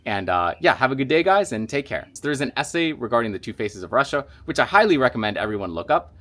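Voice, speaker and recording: Male channel host, casual monologue, rambling with fillers, lively pitch. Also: fast. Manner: rambling, many fillers and restarts.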